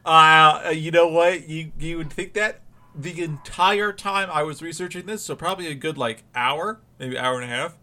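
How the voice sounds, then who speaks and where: A man's voice: fairly high pitch, moderate pace, pushed and bright. A man co-hosting a podcast in casual chat, rambling through restarts and laughing often. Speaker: podcast co-host.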